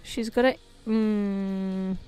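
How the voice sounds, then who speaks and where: A woman's voice: mid-range voice, steady tone, drawn-out words, dark tone, clean tone. A young woman chatting casually on a live stream while she draws, playful and giggly, sometimes slipping into a cooing baby voice. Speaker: livestreamer. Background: faint music.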